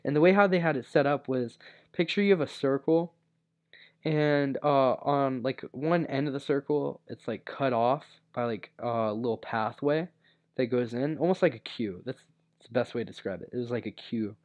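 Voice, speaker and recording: A man's voice: medium pitch, moderate pace, a little mellow. Rambling young man telling a story. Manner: rambling, lots of filler words and restarts. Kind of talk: casual storytime monologue. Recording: dull lo-fi recording.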